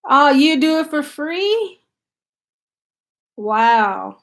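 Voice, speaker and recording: Woman, American country accent, high voice, casual live-stream chat, chatty, lots of fillers. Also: big pitch swings, extremely slow, fairly bright tone. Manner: chatty and loose, thinks aloud with many fillers. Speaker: YouTube channel host. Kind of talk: casual live-stream chat, reading viewer comments aloud.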